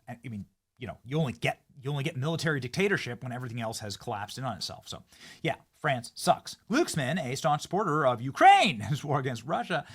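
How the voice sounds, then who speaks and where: Dude hosting a political commentary show, fairly high voice all over the place, loud hype then snarky mutters. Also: male voice. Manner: animated, sarcastic, swings between loud hype and low mutters.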